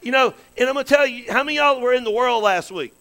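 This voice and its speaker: A man preaching in a church, his voice pitched high and ringing bright. He keeps it folksy, tossing questions and amens to the congregation. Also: fast talker, low-quality recording. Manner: folksy, calls to the congregation with frequent "amen" and questions. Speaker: pastor. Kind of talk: sermon. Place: church sanctuary.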